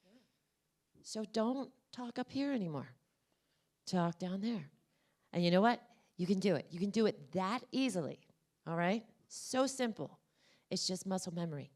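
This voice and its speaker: At a moderate pace and medium pitch, a woman gives a motivational talk in a conference room. She speaks directly to the audience with energetic, coaxing encouragement while guiding them through voice exercises.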